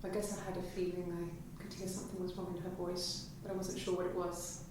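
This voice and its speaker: An actress playing a young woman who calmly recounts her twin sister in a measured, quiet way, heard as echoey game audio from across a room. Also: on the low side, far from the mic, close to an everyday voice. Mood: reflective. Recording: echoey game audio played from afar over noise.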